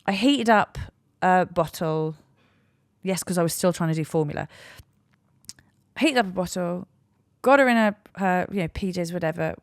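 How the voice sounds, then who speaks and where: Low-voiced woman, frank comic storyteller. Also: creaky, dry recording, studio quality. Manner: frank, self-mocking, rambling with restarts. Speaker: podcast host and stand-up comedian. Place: podcast studio.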